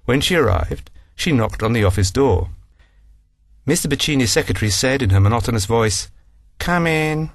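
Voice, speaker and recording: A man's voice: medium pitch, lively intonation, brisk, creaky, no room sound, clean studio sound. A man narrating a scripted story and announcing numbered sections. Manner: reads numbered sections aloud.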